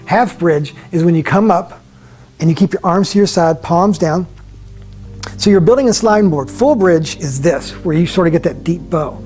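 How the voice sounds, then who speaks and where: A man leading a yoga class, giving calm, slow step-by-step cues and often dropping his voice softly. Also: high voice, faint music behind. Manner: calm, slow guiding cues with soft drops in volume. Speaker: yoga instructor. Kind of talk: guided yoga class instruction.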